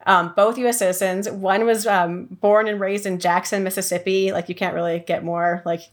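A woman hosting a podcast, talking casually with lots of fillers and quick restarts. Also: mid-range voice, steady tone. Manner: chatty, many fillers and restarts. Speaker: podcast host.

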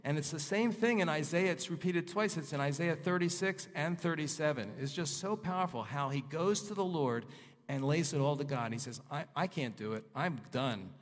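A male pastor preaching a sermon, reading scripture aloud and voicing prayers with fervor, his pitch rising and falling. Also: moderate pace. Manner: rises and falls in pitch, voices prayers with fervor. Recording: long hall reverb.

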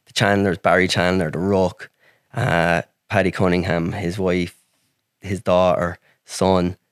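An Irish man with a lowish voice tells his story as a podcast guest, rambling and swearing freely and filling his talk with "like". The sound is dry and close, with no room echo. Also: flat delivery, unhurried, clean tone. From Ireland. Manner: rambling, heavy swearing, frequent "like". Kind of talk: casual storytelling.

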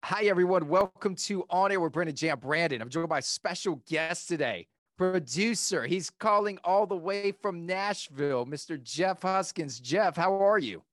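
A man's voice: high-pitched, animated, normal speed, hardly any pauses, fairly bright tone, no room sound, studio quality. A man with a Southern American accent hosting a podcast in an upbeat, casual way. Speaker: podcast host. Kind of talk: casual interview chat.

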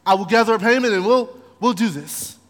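A man's voice: high-pitched, brisk, fairly bright tone, pitched above the performer's own voice. A man voicing an easygoing male king who talks casually with slang, in a sermon. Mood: fond. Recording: long hall reverb.

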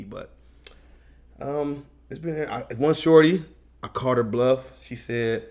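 A man's voice: mid-range voice, fairly even intonation, moderate pace, creaky. A man co-hosting a podcast, chatting casually and laid-back in slang. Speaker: podcast co-host. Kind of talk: casual chat.

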